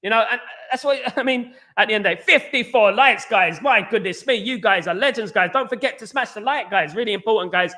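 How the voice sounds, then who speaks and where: A man hosts a casual live fan stream, firing off words at a rapid clip. His voice sits high and bright. He keeps chatting to viewers and reading out their comments. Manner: very fast-talking, reads out viewer comments.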